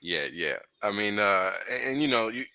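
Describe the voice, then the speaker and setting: Very deep, bright-toned earnest man. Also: animated, normal speed, clear, resonant tone, dry recording. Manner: earnest, grateful, laid-back. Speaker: guest on a livestream. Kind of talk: casual livestream chat.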